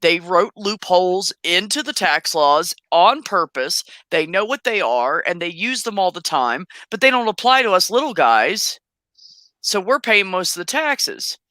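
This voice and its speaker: A woman chatting casually, telling stories in a blunt, animated way with some swearing. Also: fairly low pitch, a little slow, no echo. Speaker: host. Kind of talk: casual chat.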